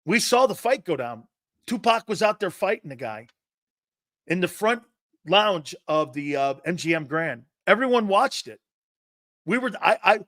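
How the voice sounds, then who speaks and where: A man in his fifties, hosting a sports talk show, tells rambling anecdotes full of digressions, restarts, and occasional profanity. His voice is high and a bit bright, heard in clean studio sound without echo.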